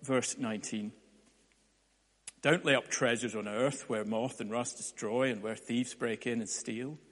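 A man preaching a sermon, telling stories with playful asides. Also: medium pitch. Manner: lively storytelling with playful asides. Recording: long hall reverb.

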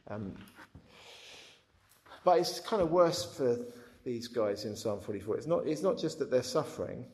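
A man giving a conversational Bible teaching, frank and lively, often repeating his words as he talks. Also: mid-range voice, moderate pace. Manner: frank, animated, repeats words, acts out quotes.

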